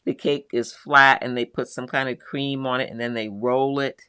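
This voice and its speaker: A woman's voice: very deep voice, steady tone, normal speed, sharp tone, smooth, dry recording, studio quality. A middle-aged woman hosting a live quilting show, chatting casually as she reads out viewers' comments and answers them one by one.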